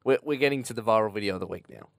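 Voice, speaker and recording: A man's voice: fairly low pitch, rapid-fire, gravelly, no echo, studio quality. A man co-hosting a podcast, reading out odd news stories and laughing along. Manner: good-humoured, laughs along, reads stories aloud.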